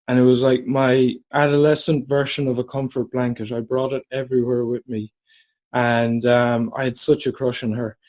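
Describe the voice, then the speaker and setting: A man in his forties telling a candid personal story, animated and casual, over a video call. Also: mid-range voice, low-quality recording. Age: 40s.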